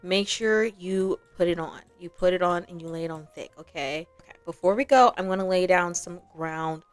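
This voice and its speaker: A woman's voice: on the low side, smooth, no room sound, faint music behind, lightly acted. A woman voicing a bossy young woman laying down dating rules. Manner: sets rules briskly, matter-of-fact.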